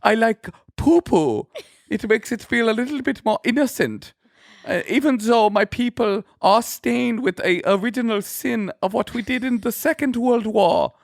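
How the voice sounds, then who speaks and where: A hammy, high-pitched mock German voice, as a man puts it on for laughs. It sounds dry and close, with no room around it. The tone stays silly and overblown. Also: animated, normal speed, gravelly, no room sound, heavily acted. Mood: playful. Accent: put-on German. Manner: high, playful, exaggerated comic voice. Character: overexcited adult man with a put-on German accent.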